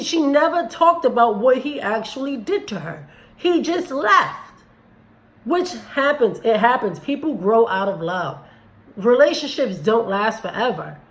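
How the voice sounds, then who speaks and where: A woman's voice: a little high, rough recording. A woman hosts a casual commentary on a video clip. She speaks bluntly and critically, addressing her viewers directly in an everyday voice. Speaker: commentary channel host.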